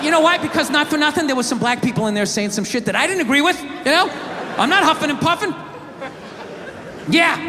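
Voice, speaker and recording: A man doing stand-up comedy, ranting and swearing as he tells a story, shouting his punchlines. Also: very high voice, background noise. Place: large theater stage with a live audience. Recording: echoey hall, audience laughter.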